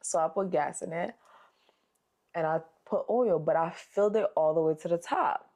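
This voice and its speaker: A young woman co-hosting a casual podcast, telling a story with lots of swearing and acting out the people she quotes. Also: normal speed. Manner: animated storyteller, acts out quotes in a higher voice, swears freely. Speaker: podcast co-host.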